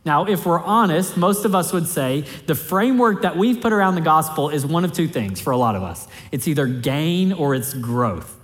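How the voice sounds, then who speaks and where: A pastor giving a sermon in a conversational preaching manner, repeating key phrases for emphasis. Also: male voice, on the high side, animated, moderate pace, hardly any pauses, fairly bright tone. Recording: long hall reverb.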